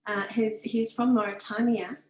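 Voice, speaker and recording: A woman on a video call casually telling a story in a steady, explanatory way. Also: a little high, normal speed, reverberant, slight background noise, low-quality recording.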